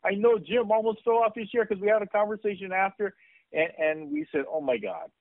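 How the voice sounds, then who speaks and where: A middle-aged man giving an excited, repetitive sales training talk as a network marketing presenter. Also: sits high, brisk, dry recording, narrow, tinny audio.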